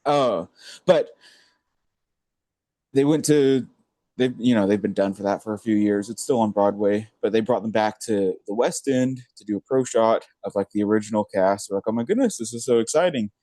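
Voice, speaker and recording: A young man co-hosting a podcast, chatting excitedly with lots of filler words. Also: fairly low pitch, normal speed, no room sound. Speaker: podcast co-host. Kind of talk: casual chat.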